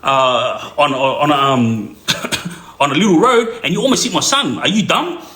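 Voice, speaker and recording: A man's voice: on the high side, big pitch swings, normal speed, fairly bright tone, echoey room. A man taking on the voice of his big, hot-tempered brother, who talks in a confrontational way. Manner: confrontational and angry.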